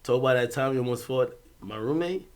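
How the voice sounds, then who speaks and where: A young man from Jamaica, a streamer telling a rowdy story in casual chat, swearing freely, laughing, swinging from loud bursts to low mutters. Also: fairly quick.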